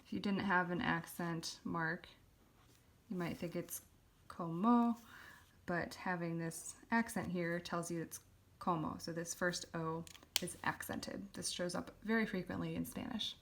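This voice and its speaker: A woman with a fairly low voice walks through a calligraphy lesson. She explains each stroke patiently and pauses now and then on an "um" as she works. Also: little pitch movement, noisy background. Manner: patient, explanatory, with frequent fillers. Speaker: calligraphy teacher. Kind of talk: step-by-step tutorial explanation.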